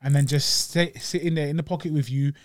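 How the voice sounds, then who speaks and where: This podcast co-host has a London accent and picks apart a boxing match in relaxed, slangy conversation. His voice is slightly high and steady in tone, and he talks briskly.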